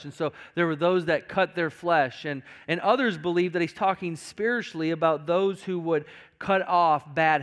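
A male pastor preaching a sermon to his congregation, emphatic, with frequent repetitions and stammered restarts. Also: a little high. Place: church sanctuary.

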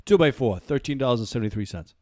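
A man's voice: medium pitch, lively intonation, fast talker, darkish tone, dry recording. A man in casual conversation, joking about himself and slipping into impressions of other people. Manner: jokey, self-deprecating, does voices and impressions. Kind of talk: casual chat.

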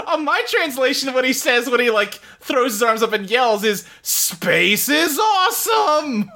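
A man's voice: very high-pitched, normal speed, pushed and bright. A man chatting casually as a co-host, laid-back and agreeable, laughing often. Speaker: podcast co-host. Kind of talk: casual chat.

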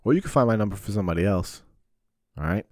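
Deep-voiced guy ranting on his podcast, swears a lot, dry close sound. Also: lively intonation, quick pace, no room sound. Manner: profane, rambling, sarcastic rants. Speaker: podcast host. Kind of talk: casual solo podcast monologue.

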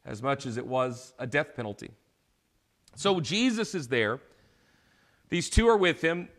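A man's voice: fairly high pitch, fairly bright tone. A man preaching a sermon, explaining scripture in a conversational way and acting out short paraphrased lines.

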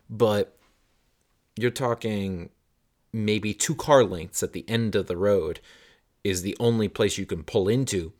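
A man tells a story in relaxed podcast chat. He gets animated and jumps higher and louder whenever he acts out the people in the story. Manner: animated storyteller, acts out quotes in raised voices. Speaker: podcast host telling a story.

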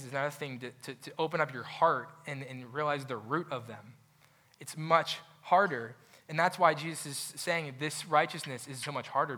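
Animated young male pastor preaching. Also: fairly high pitch, slightly rough. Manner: animated, acts out quoted voices, frequent restarts. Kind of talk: sermon.

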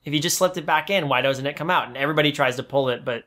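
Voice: mid-range voice, racing, a bit bright. A podcast co-host talks through a film in loose, casual conversation. The delivery is analytical and sceptical, picking apart the story, with the odd playful mock voice.

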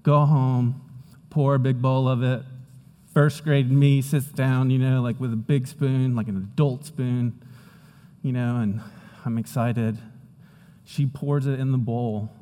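A young adult man, a pastor, preaching and praying in a relaxed, conversational way, telling stories with lively acted-out moments. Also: mid-range voice, slow, a little hiss or hum. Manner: conversational storytelling preacher, animated retellings. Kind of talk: sermon. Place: church hall. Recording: long hall reverb.

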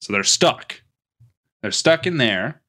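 A man's voice: mid-range voice, animated, takes it slowly, bright, forceful tone. A man casually recapping a movie plot on a podcast, rambling with restarts and laughing at his own jokes. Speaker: podcast host.

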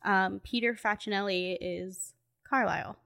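A woman's voice: mid-range voice, measured pace, vocal fry, a bit bright. A woman co-hosting a podcast in casual chat, talking in a chatty way, laughing often and saying "like" a lot. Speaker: podcast co-host.

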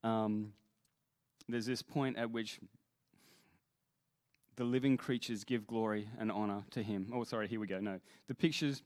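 A man's voice: on the low side, fairly even intonation, measured pace, a little mellow, no room sound, studio quality. A man speaking as a worship leader, giving an earnest sermon-style talk that stumbles over restarts and then rises into emphatic quoted scripture.

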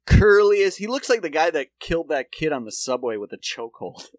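A man co-hosting a comedy podcast, his voice a touch higher than most and swinging widely as he acts out a story. He swears freely and breaks into laughter often. The sound is close and dry. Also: sing-song, a little fast, no room sound. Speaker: podcast co-host. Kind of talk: casual comedic chat.

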